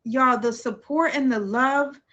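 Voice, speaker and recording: Excitable, bright-voiced woman streamer. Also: high-pitched, unhurried, lo-fi sound. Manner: excitable, emotional, effusive. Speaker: livestream talk show host. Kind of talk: casual livestream chat.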